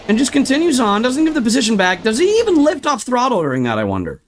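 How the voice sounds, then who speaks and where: Man, young adult, fairly high voice, sim racing livestream, frustrated rant, swearing. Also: huge pitch swings, fast talker, slight background noise. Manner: frustrated, ranting, swears, talks through replay footage. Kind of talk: ranting livestream commentary.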